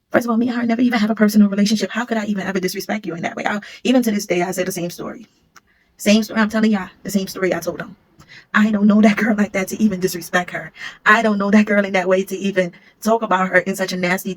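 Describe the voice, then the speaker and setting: A woman's voice: mid-range voice, creaky, breathy edge. A woman, a former security supervisor, casually telling a storytime vlog and acting out what others said. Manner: rapid, animated retelling, acting out what others said.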